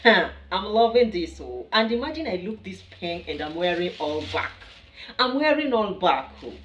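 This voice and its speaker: A woman's voice: fairly low pitch, normal speed, muffled recording, a little hiss or hum. A woman from Kenya with a Kenyan accent, chatting playfully and with lots of energy to her viewers. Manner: chatty, playful and animated, laughs often. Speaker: vlogger. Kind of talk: casual vlog chat to camera. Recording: echoey room with a distant mic.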